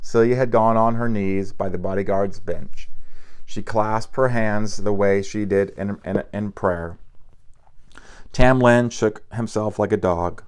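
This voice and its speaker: A man narrating an audiobook in a low, smooth, resonant voice. He reads steadily, now and then tripping and restarting a word. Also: normal speed. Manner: steady reading with occasional stumbles and restarts.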